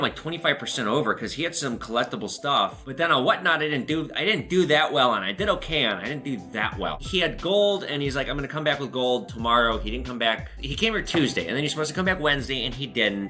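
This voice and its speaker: A man's voice: medium pitch, sharp tone. A man who runs a pawn shop, telling viewers a blunt, profane story and giving a lesson in casual talk. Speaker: pawn shop owner and host. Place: his shop.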